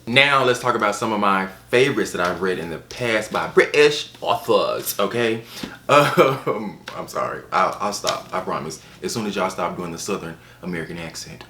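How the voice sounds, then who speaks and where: A man casually reviewing books on his channel, chatty and animated, with playful asides. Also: low voice, normal speed, echoey room, slight background noise. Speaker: book reviewer. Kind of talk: casual book review vlog.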